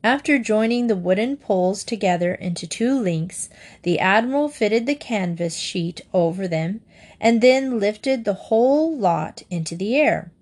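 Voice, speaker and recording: Woman narrator, children's storybook, steady reading, mid pitch. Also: a little slow.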